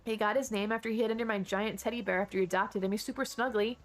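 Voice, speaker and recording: A woman streamer chats loosely and at length, drifting between her game and stories while answering viewers. Her talk wanders with restarts and asides. Chill music plays clearly under her voice. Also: medium pitch, steady tone, racing. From Texas. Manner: chatty, rambling, reads and answers chat. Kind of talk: casual game stream chat. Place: home desk. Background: background music.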